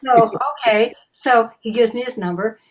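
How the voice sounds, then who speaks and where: A woman's voice: fairly high pitch, normal speed. Older lady voice actor, chatty guest, big theatrical storytelling, lots of restarts. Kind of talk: casual interview storytelling.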